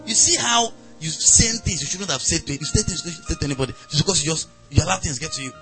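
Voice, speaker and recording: Nigerian male pastor, slightly high voice, animated sermon delivery, soft music underneath. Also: fast talker, few pauses. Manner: animated preaching, acts out angry voices, laughs.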